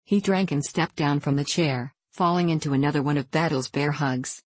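A woman reading a story aloud as an audiobook narrator, in a measured storytelling way. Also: sits low, steady tone, no room sound. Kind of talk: scripted narration.

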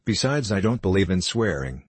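Man doing an odd old hatter guy, homespun talk, deep husky voice. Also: sing-song, normal speed, no room sound, exaggerated voice. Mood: folksy. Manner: folksy, says ain't. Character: queer old male hatter, folksy and boastful.

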